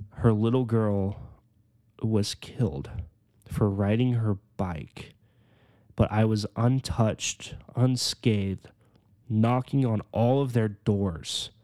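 A podcast host in his twenties shares his personal faith testimony in a lowish voice. He's earnest and fills the story with lots of "like"s, slowing down and softening whenever he reaches the emotional parts.

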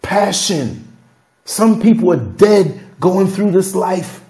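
A man hosting a candid podcast, his voice sitting a little higher than most men's. He tells stories emphatically and emotionally, one thought tumbling into the next. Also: expressive, takes it slowly, a little mellow. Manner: emphatic, emotional, freewheeling storytelling. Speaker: podcast host.

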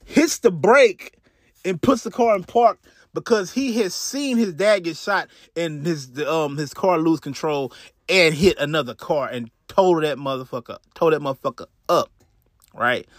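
A podcast host recounts a crime story in a loose, profane style, full of restarts and side comments. He's close-miked with no echo, and his fairly high voice moves at a moderate pace.

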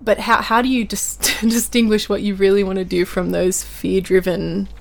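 A woman's voice: mid-range voice, level tone, moderate pace, vocal fry. A young woman co-hosting a podcast, talking things through in a thoughtful, reflective way. Her voice sits in a mid range and the tone is casual and open. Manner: reflective, thinking aloud. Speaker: podcast co-host. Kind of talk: casual chat.

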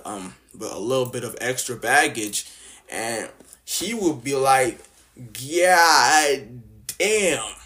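Young adult man from Canada, blunt slang-heavy vlog rant with a mocking edge. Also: mid-range voice. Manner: slangy, blunt, mocking, lots of filler words. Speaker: vlogger. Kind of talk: casual opinion rant.

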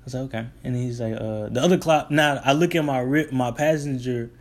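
With a medium-pitched voice and a fairly quick delivery, a young delivery driver rambles through a long story about his job. His speech is casual and colloquial, full of restarts.

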